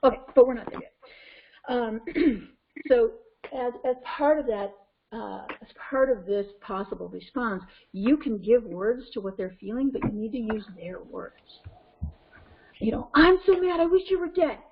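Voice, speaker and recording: A woman's voice: on the high side, unhurried, a little hiss or hum. A woman parenting coach teaching a webinar in a conversational way, often checking in with "okay?" and "right?". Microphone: conference call line. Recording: muffled web call audio.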